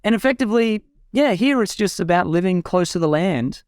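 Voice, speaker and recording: Speaking as a guest from his home in a rural eco-village, a young man with a high, expressive voice talks a little fast. His casual, enthusiastic chat is packed with fillers and restarts, and the studio-quality recording has no room sound.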